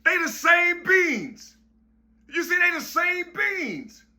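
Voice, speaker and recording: A high-pitched man holds forth in a loose, rambling monologue, circling back with "you see" again and again. He swears freely and pushes his voice up hard when he wants to stress a point. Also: big pitch swings, slow pace, pushed and bright. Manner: repetitive, keeps saying "you see", profane; emphatic, raises voice at points. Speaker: vlogger.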